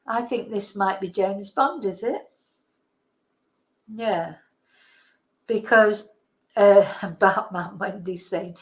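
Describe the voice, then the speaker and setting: A woman's voice: mid-range voice, takes it slowly, pauses often, low-quality recording. A woman hosting a casual live-stream quiz, chatting, laughing and thinking aloud as she reads the questions. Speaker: host.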